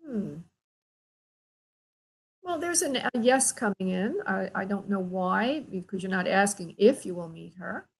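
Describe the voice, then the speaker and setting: A woman medium hosts a psychic call-in show on the radio. Her mid-pitched voice has a gravelly, creaky edge. She talks gently and affectionately and calls her callers honey and sweetheart. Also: animated, unhurried, rough recording. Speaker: spirit medium and radio host.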